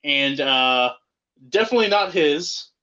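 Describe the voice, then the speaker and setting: Casting note: sarcastic male co-host, bright voice, muffled lo-fi sound. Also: fairly high pitch, animated, a little slow. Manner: sarcastic, riffing jokes. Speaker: podcast co-host. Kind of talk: casual movie-review chat.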